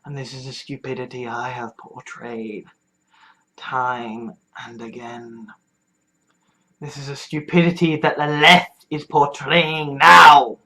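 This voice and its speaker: A speaker talks quietly into a vlog, stopping and restarting and repeating words. The voice sits mid-range and moves slowly, and at times it sinks almost to a whisper. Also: mid-range voice, flat delivery, low-quality recording. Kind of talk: confessional vlog monologue.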